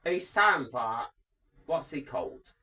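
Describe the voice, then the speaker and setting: With a slightly high, sharp voice, a man co-hosts a casual podcast slowly and expressively, cracking jokes, interrupting and launching into impressions.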